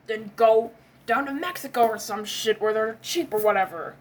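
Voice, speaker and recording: A woman performing a comedic skit, voicing quarrelling characters with cursing, yelps and shouting outbursts. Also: fairly high pitch, normal speed.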